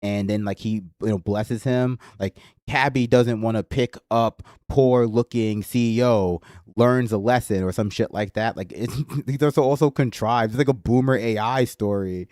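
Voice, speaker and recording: A man's voice: mid-range voice, normal speed, darkish tone, dry recording, studio quality. A man reacting to a video on a livestream, mocking and sarcastic, swearing casually. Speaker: livestream commentator reacting to a clip.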